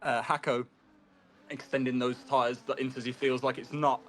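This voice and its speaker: A man's voice: mid-range voice, level tone, moderate pace, a little hiss or hum. A man co-commentating a live online race from his desk, often stumbling, correcting himself and apologizing. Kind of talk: live sim racing commentary. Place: home desk.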